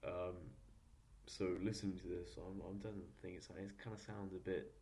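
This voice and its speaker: A man hosting a solo podcast, thinking aloud in a halting, rambling way with many restarts, his voice a little posh and nasal. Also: low-pitched, little pitch movement, creaky, dark tone, a little hiss or hum. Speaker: podcast host. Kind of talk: solo reflective podcast monologue.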